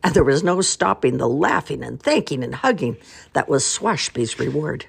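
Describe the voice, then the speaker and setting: An older grandmother reading picture books aloud in an expressive, playful way. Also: low-pitched, moderate pace, creaky, slightly rough. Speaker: storyteller grandmother.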